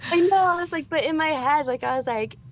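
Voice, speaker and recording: A woman's voice: high-pitched, a little fast. A woman in her thirties co-hosting a podcast, chatting animatedly and acting out her own reactions. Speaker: podcast co-host. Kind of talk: casual chat.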